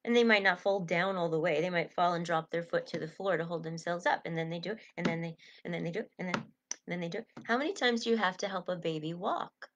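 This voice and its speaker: A woman's voice: lowish voice, lo-fi sound. Soothing woman coaching through breathing. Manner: soothing and encouraging, slows down for breathing cues. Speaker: coach leading a self-help group. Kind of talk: gentle guided coaching talk.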